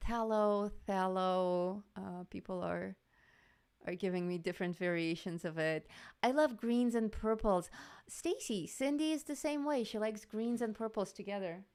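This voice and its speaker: Woman, live-stream host, casual chat, laughs often, mid pitch. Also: moderate pace, a little mellow. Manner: chatty, laughs often, greets chat viewers.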